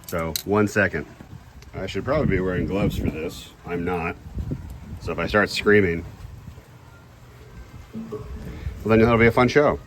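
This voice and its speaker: A man's voice: low-pitched, measured pace, pauses often, background noise. A man in a casual cooking vlog, chatty and self-deprecating, thinking aloud as he grills outdoors. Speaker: home cook.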